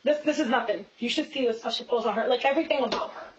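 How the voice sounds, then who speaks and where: A woman venting fast and profanely, telling a long story in a police interview room on a hidden camera. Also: a little high. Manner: rapid, profane, repetitive venting. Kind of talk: casual storytelling. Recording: echoey, distant, muffled hidden-camera audio.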